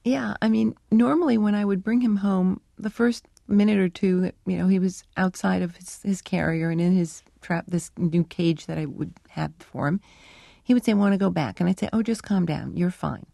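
Woman researcher, interview guest, mellow gravelly voice, chatty and reflective. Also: lowish voice, steady tone, normal speed, no room sound, studio quality. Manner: reflective, conversational, with fillers. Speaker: animal cognition researcher, guest. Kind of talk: interview answers, storytelling.

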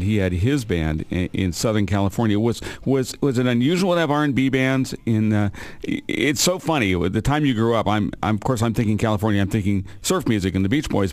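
Low-voiced interviewer with dry sound. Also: male voice, darkish tone, no room sound. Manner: halting, restarts questions. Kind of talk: interview questions.

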